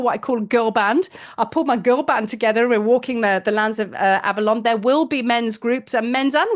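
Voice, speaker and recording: Excitable woman telling a story. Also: on the high side. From England, near Glastonbury. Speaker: spiritual teacher and priestess. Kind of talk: personal storytelling to camera.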